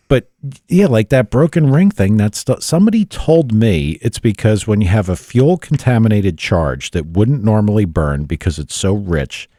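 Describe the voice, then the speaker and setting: A very low, dark-toned man talks loosely in a dry studio, rambling and cursing freely. He is a podcast host chatting with his co-hosts. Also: animated, moderate pace, no echo. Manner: rambling, casual, swears freely. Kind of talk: casual studio chat.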